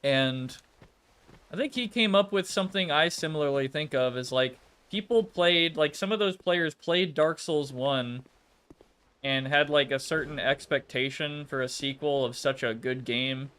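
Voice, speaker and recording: A man's voice: a little high, a little slow, a bit bright, smooth. A man chatting casually on a game stream, hedging and filling his sentences with "like" and "I don't know". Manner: hesitant, full of "like" and "I don't know". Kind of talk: casual chat.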